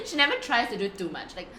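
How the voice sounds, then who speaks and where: A woman vocal coach in a casual chat, animated, laughing often and using many fillers. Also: fairly high pitch, normal speed. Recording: echoey room with steady background noise.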